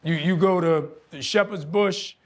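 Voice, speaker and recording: Animated New man, fairly high voice. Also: slow pace. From New Orleans, USA. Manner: animated, profane storytelling with frequent laughter. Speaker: guest actor. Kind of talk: casual podcast interview. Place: podcast studio.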